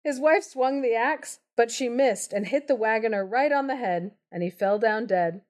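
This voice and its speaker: A woman's voice: a little high, normal speed. Playful woman reading a fairy tale aloud. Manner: playful, giggly asides between narration. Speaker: storyteller, podcast co-host. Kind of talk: live-streamed fairy tale reading with asides.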